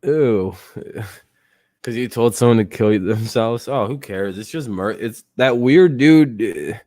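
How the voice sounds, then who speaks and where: A man's voice: medium pitch, slow pace, darkish tone, no room sound, clean studio sound. A young man streaming live, rambling casually to his chat with lots of swearing and laughter. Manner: rambling, profane, laughs often, talks to chat.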